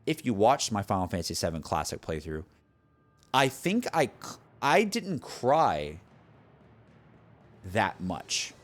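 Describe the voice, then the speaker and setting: A young man chatting casually with his stream viewers, animated and excitable, with lots of restarts and fillers. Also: sits low, normal speed.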